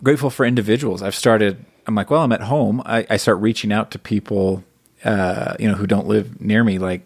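Male co-host, lower register, dead-dry studio sound, thoughtful and easygoing. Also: normal speed, husky, no echo. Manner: relaxed, thoughtful, short agreeing replies. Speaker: radio co-host. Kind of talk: casual talk-show chat.

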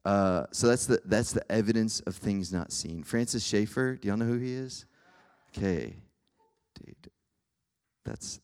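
A man's voice: low voice, gravelly, a little mellow. A young man preaching a casual sermon to students, keeps checking in with his listeners. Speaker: campus ministry speaker.

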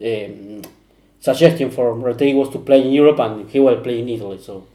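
Guy on a footy podcast, warm low-key tone, echoey room, lots of uhs. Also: brisk. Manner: hesitant, searches for words. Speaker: podcast panelist. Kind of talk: casual football chat.

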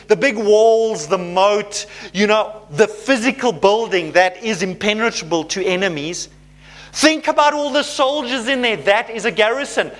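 A man preaching a sermon, animated and conversational, often checking in with his listeners. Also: very high-pitched. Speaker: pastor.

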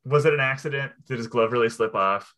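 A man's voice: medium pitch, fast, sharp tone. A man chatting casually about a movie, easygoing and laughing often.

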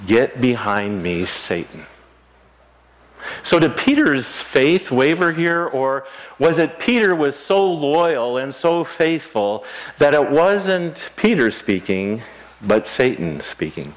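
A man's voice: a little high, very animated, slow. A middle-aged man preaching a sermon in a church, talking casually with the congregation, asking them questions and acting out scripture dialogue. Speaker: pastor. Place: church sanctuary.

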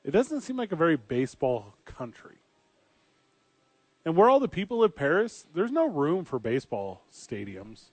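A man's voice: on the high side, sing-song, moderate pace, darkish tone, slightly rough, no room sound. Joking guy with a dry close sound. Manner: joking, rambling, riffs with fillers. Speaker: podcast co-host. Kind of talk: casual sports chat.

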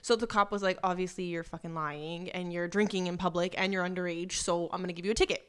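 A young woman chatting casually with friends, telling an animated story and acting out what people said. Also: on the low side, quick pace, smooth. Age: young adult. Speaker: friend in group chat. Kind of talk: casual chat among friends.

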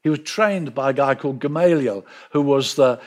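A man preaching a sermon, telling the story with lively emphasis and repeating words to drive points home. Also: mid-range voice, moderate pace. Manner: animated storytelling, acting out quoted voices.

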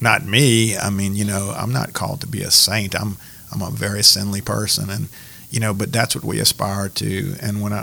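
A man hosting a faith podcast, encouraging and thoughtful, speaking in loose, casual phrasing with a gravelly, husky voice. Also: lowish voice, sharp tone. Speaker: podcast host.

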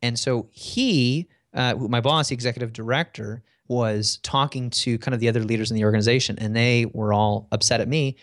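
A man's voice: medium pitch, brisk, few pauses, no echo, studio quality. A man in a casual interview, telling work stories in a conversational way with frequent fillers. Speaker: guest.

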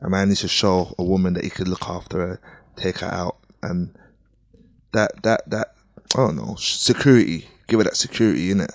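Deep, dry-sounding man, podcast co-host, confident and laid-back. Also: a little fast, no room sound. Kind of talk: casual podcast chat.

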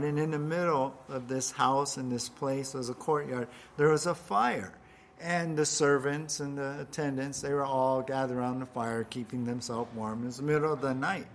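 A man preaching a sermon, retelling a scripture story in a slow, halting way and voicing the people in it. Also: medium pitch. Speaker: pastor.

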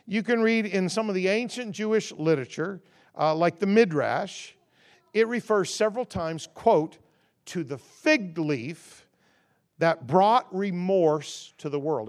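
A man preaching as a guest, stacking rhythmic contrasts that swell loud and then dropping into a relaxed, conversational and humorous storytelling tone. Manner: rhythmic call-and-response contrasts, rising to loud emphasis then dropping low. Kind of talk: sermon.

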